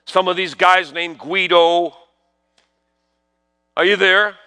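A middle-aged man preaching a sermon, swinging from hushed asides to loud proclamations and asking the congregation questions. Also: high voice, measured pace, pauses often, faint music behind. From New York. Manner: peppers talk with rhetorical questions to the congregation.

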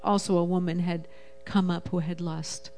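A woman's voice: lowish voice, level tone, moderate pace, mellow, faint music behind. A middle-aged woman telling a personal story in a casual, emotional, rambling way, acting out the voices of the people she quotes. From Jewish family. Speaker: guest sharing her testimony.

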